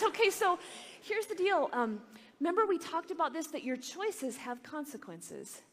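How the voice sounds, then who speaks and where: A religious sister giving a talk, telling stories with animation and acting out the voices of children. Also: female voice, very high voice, sing-song, moderate pace, in a large hall. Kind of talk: storytelling talk to a retreat audience.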